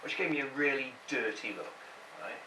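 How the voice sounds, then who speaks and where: A man's voice: mid-range voice, brisk, background noise. A man doing a stand-up comedy set, chatting with the crowd and putting on the voices of the people in his story. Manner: chatty, quips with the crowd, mimics people he quotes. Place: comedy club stage with a laughing audience. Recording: roomy live club sound from a distance.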